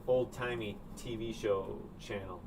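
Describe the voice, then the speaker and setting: A man's voice: on the low side, steady tone, a little slow, background noise. Easygoing man chatting while he paints. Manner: rambling, offhand, thinks aloud. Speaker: painter streaming live. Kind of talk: casual commentary while painting. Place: indoor studio room with a sunny window.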